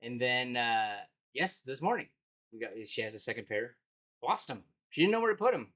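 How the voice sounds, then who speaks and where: A man in his thirties tells personal stories in a relaxed, conversational voice. He sounds reflective and laughs easily as he talks. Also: medium pitch, moderate pace. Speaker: speaker sharing life stories. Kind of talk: casual personal storytelling.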